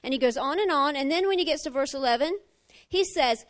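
A middle-aged woman preaching a sermon, animated, swinging from emphatic fire down to quiet talk. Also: a little fast. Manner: animated, rising to emphatic fire then dropping low.

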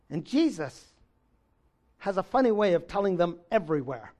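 A man preaching a sermon, reading scripture aloud and swinging between loud exclamations and low, intense stretches. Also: lively intonation, normal speed.

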